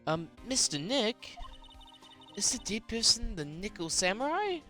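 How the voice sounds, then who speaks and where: A woman voicing a cheerful, curious young female spirit medium from a video game, in a bright, eager voice. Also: mid-range voice, sing-song, a little slow, faint music behind, voice pushed up.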